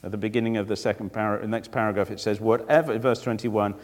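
A man preaching through a Bible passage, conversational and animated, acting out the verses with asides to his listeners. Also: fairly low pitch, fast talker, hardly any pauses. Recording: long reverb of a large hall.

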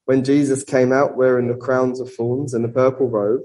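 A man preaching a sermon and reading a Bible passage, earnest, with rhetorical questions and slowing down for emphasis. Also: medium pitch, level tone, warm tone, a little hiss or hum, poor audio.

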